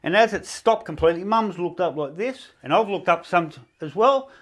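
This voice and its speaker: A man's voice: high-pitched, lively intonation, moderate pace, a bit bright. A middle-aged man with an Australian accent doing a stand-up set in a backyard shed, rambling through stories and laughing at his own jokes. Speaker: stand-up comedian. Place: backyard shed gig with a small live audience.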